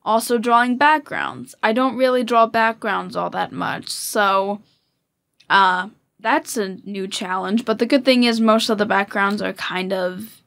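A woman's voice: mid-range voice, steady tone, measured pace, vocal fry, a bit bright. A woman co-hosting a podcast, chatting casually and hesitantly, with many fillers. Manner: hesitant, with frequent fillers and restarts. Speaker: podcast co-host. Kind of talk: casual chat.

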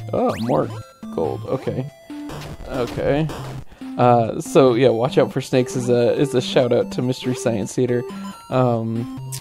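A man hosting a casual let's-play commentary, giggly and excitable, laughing often as he plays. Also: mid-range voice. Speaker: gaming channel host.

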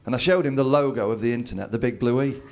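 A man's voice: mid-range voice, quick pace. A man doing a stand-up comedy routine on stage, telling a story and acting out other people's lines. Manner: storytelling, acts out his dad's lines. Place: comedy venue with a live audience.

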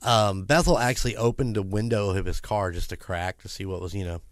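A man with a fairly low voice reads a creepy story aloud, breaking off now and then for loose, chatty asides. The recording is dry and close, with no room sound. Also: brisk, no echo. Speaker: podcast co-host reading a story. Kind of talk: casual podcast storytelling.

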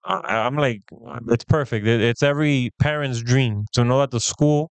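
Smooth-voiced man telling stories. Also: medium pitch, moderate pace, dry recording. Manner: animated, acts out quoted dialogue. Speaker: podcast co-host. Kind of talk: casual storytelling chat.

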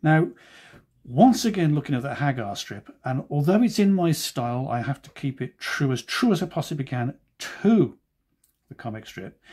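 A man talks through his drawing in a relaxed, chatty way, often making fun of himself. His voice is mellow and a little husky, and his pitch rises and falls in a lively way as he jokes. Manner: joking, self-deprecating asides. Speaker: cartoonist.

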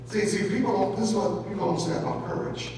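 A male pastor preaching a sermon in a church, animated and trading call-and-response with the congregation. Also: sits high, fast talker, distant mic. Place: large church sanctuary. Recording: echoey hall miked from afar, congregation noise.

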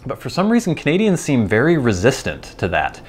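A man's voice: mid-range voice, huge pitch swings, fairly quick, slight background noise. An American man hosting his channel, talking in a chatty, digressive, amused way. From United States. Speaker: host. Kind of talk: casual rambling monologue.

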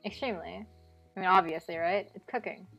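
A woman's voice: fairly low pitch, brisk, creaky, fairly bright tone, soft background music. A young adult woman streaming a game, chatting casually with lots of likes and you-knows. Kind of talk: live game commentary.

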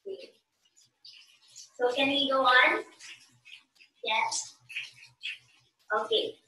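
Dance teacher, woman, high bright voice, counts beats slowly, roomy and distant recording. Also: animated. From Philippines. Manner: counts beats aloud, checks in with okay. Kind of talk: online dance tutorial.

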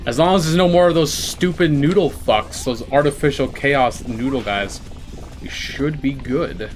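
A man giving excited commentary while playing a video game, swinging between calm explanation and shrieking, laughing panic, swearing a lot and boasting jokingly. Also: mid-range voice, unhurried, soft background music. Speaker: gaming YouTuber.

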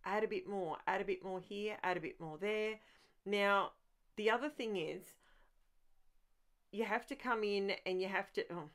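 A woman with a mid-range, slightly bright voice hosts a crafting video at a moderate pace, pausing often. She's chatty and rambling, thinking out loud with many restarts, and clearly delights in messy art play.

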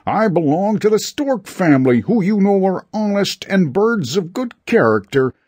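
A man's voice: high-pitched, very animated, moderate pace, a little mellow, breathy edge, no room sound, studio quality, voice pushed up, full character voice. A man doing a pleading trusting stork. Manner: pleading, earnest.

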